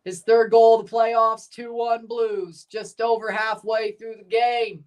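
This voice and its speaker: Slow-talking woman calling hockey live. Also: a little high. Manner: relaxed play-by-play that erupts into shouting on goals; answers chat questions between plays. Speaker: livestream host. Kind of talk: live hockey watchalong commentary.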